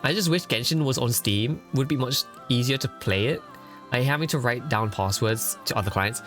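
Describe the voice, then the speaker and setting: A man's voice: mid-range voice, moderate pace, fairly bright tone. A man chatting casually on a live gaming stream, rambling, swearing offhandedly and laughing often. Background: faint background music.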